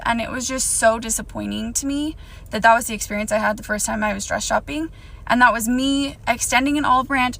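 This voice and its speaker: A woman's voice: on the high side, bright, forceful tone, poor audio. A young woman telling a personal storytime to camera, emphatic and indignant.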